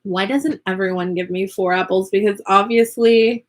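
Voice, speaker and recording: A woman's voice: mid-range voice, steady tone, normal speed. A woman in her thirties talks through a live crafting stream from her home. Her chat is loose and rambling, full of fillers and little giggles, and she stays in easy conversation with the viewers. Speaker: vlogger and online teacher.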